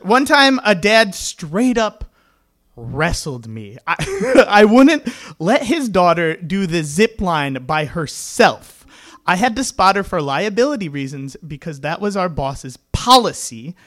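A young man with a tenor voice tells funny stories to an audience at a small stage venue, mocking himself in a wry way. He speaks slowly, his high voice swinging widely in pitch with a fairly bright tone.

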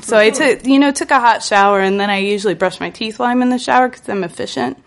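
A woman's voice: fairly high pitch, moderate pace. Giggly woman telling a live story. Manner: laughing, self-mocking, breaks into giggles. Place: live show stage.

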